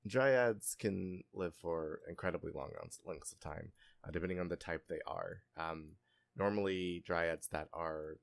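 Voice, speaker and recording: A man's voice: deep voice, a little slow, creaky, no room sound, studio quality. Daisy, a nerdy lore-expert woman, voiced by a man. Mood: explaining.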